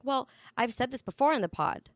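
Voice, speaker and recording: A woman's voice: sits high, animated, a little fast, no room sound. A young adult woman co-hosting a podcast, chatting casually and frankly and swearing freely. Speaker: podcast co-host. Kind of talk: casual chat.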